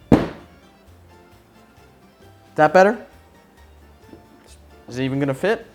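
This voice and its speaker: A man's voice: a little high, animated, takes it slowly, pauses often, faint music behind. Sarcastic, swearing man building a PC. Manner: profane, sarcastic, frustrated rants. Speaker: tech YouTuber. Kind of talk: casual PC build vlog.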